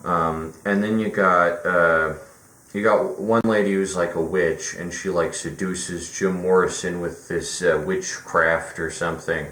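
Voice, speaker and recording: A man's voice: deep voice, steady tone, measured pace, a bit bright. A man giving a casual, rambling movie review, full of fillers and restarts. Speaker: film reviewer. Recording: roomy echo with faint music.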